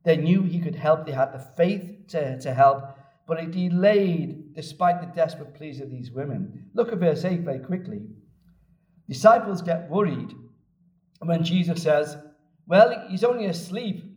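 A man preaching a sermon, telling the story in a lively way and repeating phrases for emphasis. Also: fairly high pitch, normal speed. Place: church. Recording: echoey church room from a distance.

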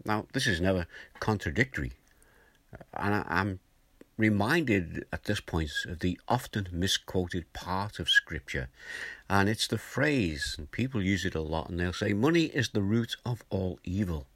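An older man giving a gentle, conversational morning devotional as a preacher, reading and explaining a scripture verse. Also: low-pitched, animated, measured pace, dry recording. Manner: gentle, conversational, chuckles now and then.

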